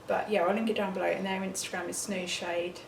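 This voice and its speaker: A young English woman chats to camera as a new mum, rambling along and now and then dropping to a whisper. Her voice has a gravelly edge. It is a home recording with plenty of noise behind it. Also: medium pitch, flat delivery, quick pace. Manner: chatty, rambling, often drops to a whisper. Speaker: vlogger, first-time mum. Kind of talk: casual chat to camera.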